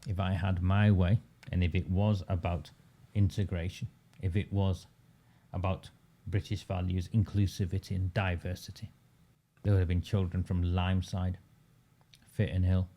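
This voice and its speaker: A man's voice: low-pitched, level tone, normal speed, warm tone. A man delivering a combative, sarcastic political commentary monologue, full of rhetorical questions. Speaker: local political campaigner.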